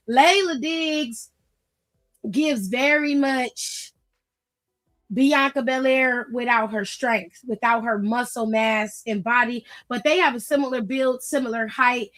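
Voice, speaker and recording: A young woman with a high voice hosts a casual wrestling recap stream. She talks blunt and profane, animated and laughing easily, into a streaming mic.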